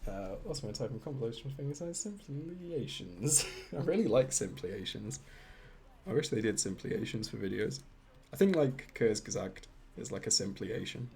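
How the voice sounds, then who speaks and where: A man's voice: mid-range voice, animated, brisk, gravelly, dark tone. A British man chatting casually with his livestream viewers while he animates, rambling and chuckling between thoughts. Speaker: animator streaming live.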